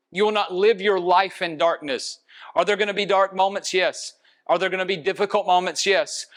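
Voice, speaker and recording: In a high voice that's a bit bright, a pastor preaches with sincere conviction, building his message step by step. He slows and elongates the phrases he means to drive home.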